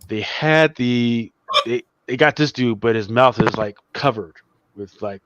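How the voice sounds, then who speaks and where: A man hosting a casual livestream chat, talking in a relaxed, rambling way that often trails off. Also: medium pitch, a little slow, dry recording. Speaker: host. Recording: dry, dull lo-fi sound.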